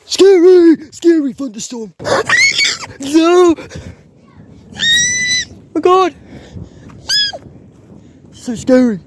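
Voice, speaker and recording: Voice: high voice, huge pitch swings, drawn-out words, pauses often, raised voice, very noisy, full character voice. A performer voicing a jittery young cartoon fox who shrieks and keeps repeating how scared it is. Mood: terrified. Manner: shrieking, panicky, repeats itself.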